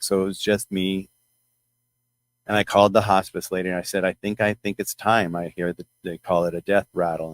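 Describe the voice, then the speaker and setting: Halting low-voiced man telling a story. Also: no echo. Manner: rambling, halting, emotional retelling with many restarts. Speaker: channel host. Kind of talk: personal storytelling to followers.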